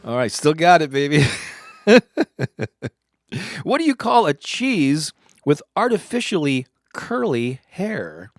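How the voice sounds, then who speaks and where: A man's voice: fairly high pitch, sing-song, slow pace, long pauses. A man hosting a live stream, reading corny cheese jokes and laughing at his own puns.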